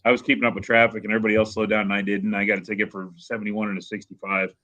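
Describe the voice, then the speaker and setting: A man telling an anecdote in casual chat, animated and acting out the people in it. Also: lowish voice, rapid-fire, poor audio. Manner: animated, acts out voices in anecdotes. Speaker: car show host.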